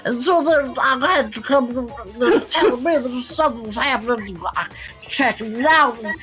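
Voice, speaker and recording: A woman's voice: on the high side, normal speed, a bit bright, faint music behind, close to an everyday voice. A woman voicing a rambling drunk young woman, babbling incoherently in slurred, half-finished sentences.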